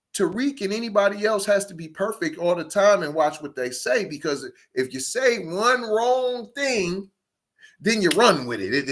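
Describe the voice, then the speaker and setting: Animated high-voiced man ranting. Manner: animated, mocking, repeats rhetorical questions. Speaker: online commentator. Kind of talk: heated commentary rant.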